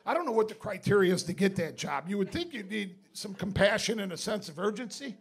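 A man's voice: sits high, expressive, brisk, creaky, husky. A male stand-up comedian telling a profane story on stage in a comedy club, laughing through his punchlines. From Binghamton, New York.

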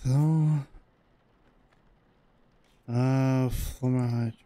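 Jumpy young man gaming, slow speech. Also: mid-range voice, steady tone, warm tone. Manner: jumpy, talks to himself, reads instructions aloud. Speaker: gamer. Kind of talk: let's play commentary.

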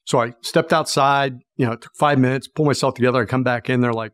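Middle-aged male guest from Pennsylvania, animated storyteller, mid pitch, dry close sound. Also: quick pace, no room sound. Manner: animated storyteller acting out the people in his story. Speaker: guest, sales expert. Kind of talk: storytelling interview.

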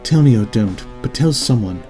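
A man's voice: on the low side, lively intonation, normal speed, warm tone, soft background music, close to an everyday voice. A man voicing a worried, insistent middle-aged mother in an audiobook, with pleading, scolding emphasis. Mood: tender. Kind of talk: audiobook character reading.

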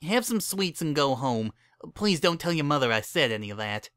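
A man's voice: a little high, very animated, moderate pace, a bit bright, smooth, no echo, clean studio sound, voice pushed up. A man voicing a busy young female pony who runs a candy shop, in a dramatic story reading. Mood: flustered. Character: young mare candy maker, busy and harried.

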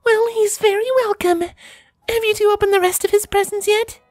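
A gentle pony mare with a soft, lightly teasing way of speaking, voiced by a woman. Her voice is very high and dry, with faint music in the background. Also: steady tone, moderate pace, no echo.

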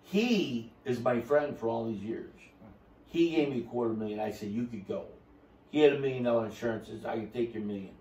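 A man's voice: mid-range voice, a little fast, warm tone, echoey room, recorded from a distance. A man telling his story on a podcast, boisterous and rambling, with a salesman's flourish. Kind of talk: casual chat.

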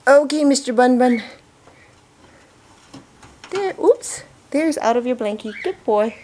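A woman talks through a casual how-to vlog as a pet owner, chatty and coaxing, with a lot of enthusiasm. Her voice sits a little high, and there is a faint hiss in the background. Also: lively intonation, takes it slowly, a little mellow.

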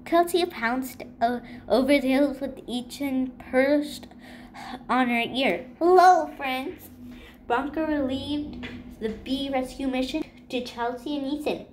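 A woman reading a children's picture book aloud in a gentle, expressive storytelling voice. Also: sits high, measured pace, a little hiss or hum. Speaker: storybook reader.

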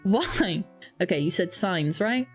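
A woman's voice: mid-range voice, fairly quick, soft background music. A young woman streaming a game, chatting casually and rambling through stories with lots of fillers. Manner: rambling, self-deprecating storytelling with frequent fillers. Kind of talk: casual gaming stream chat.

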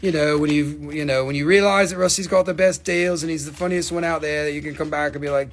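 A man's voice: on the high side, steady tone, fast, few pauses. Joking, teasing man selling crystals live. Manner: joking, teasing, swears casually. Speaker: live-stream crystal seller. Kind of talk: joking live sales stream.

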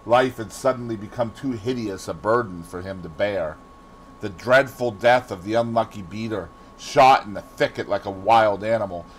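Male audiobook narrator with a Boston accent, low and expressive. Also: slight background noise, rough recording. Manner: expressive reading. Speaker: audiobook reader. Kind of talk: scripted narration.

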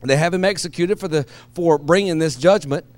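A man preaching a sermon, moving between quiet, low asides and loud, shouted passages. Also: fairly quick, dry recording. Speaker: pastor.

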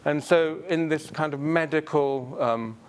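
A man giving a public lecture on word history in a college lecture room, relaxed and full of ums and uhs. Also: on the high side, measured pace, clear, resonant tone.

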